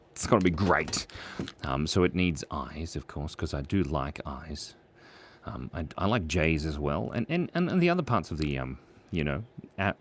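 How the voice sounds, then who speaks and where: A man hosting a live drawing stream, chatting playfully and goofily with viewers as he draws their suggestions. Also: deep voice. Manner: playful, goofy, talks to the chat. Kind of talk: casual live-stream chat while drawing.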